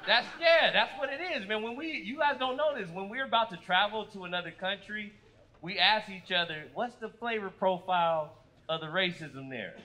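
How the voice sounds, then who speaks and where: Man from Fresno, stand-up comedian, high voice, animated storytelling, handheld mic on a club stage, noisy live recording. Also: normal speed. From Fresno, California. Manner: animated storytelling with loud acted-out quotes.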